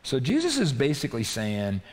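Animated preacher man in a big hall. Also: mid-range voice, normal speed. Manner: animated, conversational, frequent "right?" asides. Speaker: pastor. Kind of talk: sermon.

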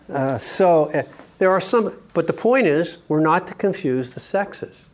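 A man's voice: fairly high pitch, animated, a little slow. Older man preaching with emphatic asides. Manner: emphatic, with joking asides and frequent "okay?" checks. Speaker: conference speaker. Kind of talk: sermon-style teaching talk.

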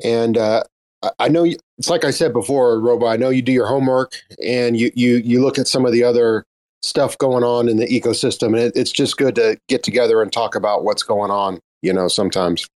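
A man's voice: medium pitch, fairly even intonation, fairly quick, darkish tone. A man joining a casual online audio chat, speaking hesitantly with frequent restarts.

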